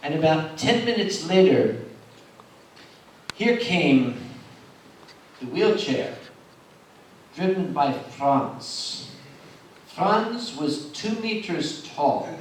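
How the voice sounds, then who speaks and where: A man's voice: a little high, slight background noise. A man telling dramatic stories on a convention panel, playing up each moment. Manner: dramatic, animated storyteller. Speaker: convention organizer. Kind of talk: storytelling on a panel. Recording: echoey hall from far off.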